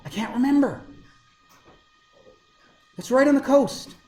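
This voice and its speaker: A man teaching a class in casual talk, joking and telling animated stories to his students. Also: extremely high pitch, a little slow, roomy sound, soft background music, poor audio.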